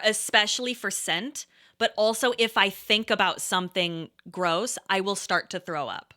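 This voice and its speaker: A woman in her thirties casually telling a rambling story, pausing and restarting often and breaking into laughs. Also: mid-range voice, steady tone, pushed and bright. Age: 30s. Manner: hesitant, rambling, laughing often, quotes herself and others.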